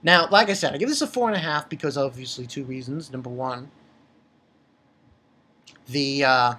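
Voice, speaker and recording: A woman's voice: extremely low pitch, normal speed, a bit bright, husky. A woman reviewing manga chapters in a casual, profane, exasperated rant. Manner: exasperated, profane, heated outbursts.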